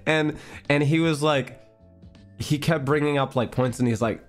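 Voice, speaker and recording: A man's voice: a little high, big pitch swings, slow, pauses often, faint music behind. A man streamer telling a story in a casual chat stream. He rambles, fills his talk with fillers, and giggles often.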